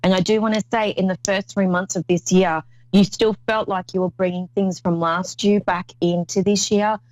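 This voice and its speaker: A woman's voice: medium pitch, fairly even intonation, moderate pace, darkish tone, dull audio. A woman hosting a call-in psychic reading show, talking in an effusive, rambling way with many restarts. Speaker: psychic medium host.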